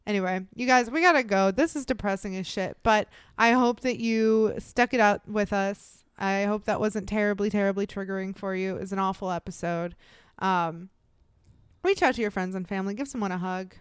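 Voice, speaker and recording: A young woman co-hosts a podcast in a blunt, animated chat and swears freely. Her voice is smooth and resonant, recorded close and dry. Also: medium pitch, moderate pace, no room sound. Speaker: podcast co-host. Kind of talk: casual chat.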